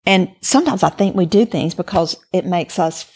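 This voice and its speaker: A woman's voice: lowish voice, moderate pace, a little mellow, slightly rough. A woman speaking as a podcast guest, sharing a personal faith testimony in an earnest, reflective way.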